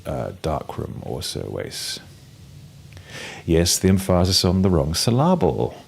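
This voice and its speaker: A man's voice: low-pitched, huge pitch swings, a little slow, gravelly, breathy edge. A British man with a cold, giving wry, playful commentary while playing a game, with many ums and restarts. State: has a cold, coughing and sneezing. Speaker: game streamer. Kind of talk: casual gameplay commentary.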